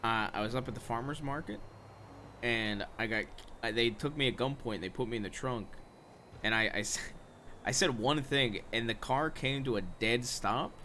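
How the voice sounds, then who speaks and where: A man's voice: mid-range voice, moderate pace, sharp tone, slight background noise. A man chatting casually in character during a role-play game, laid-back and dryly boastful. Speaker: streamer role-playing a character.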